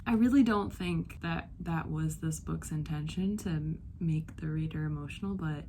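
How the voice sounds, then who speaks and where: A woman's voice: low-pitched, moderate pace, hardly any pauses, warm tone, a little hiss or hum. A young woman vlogging about a book she just finished, gushing and emotional, with lots of "like" fillers. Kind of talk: casual reading vlog talk. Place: outdoors on a beach.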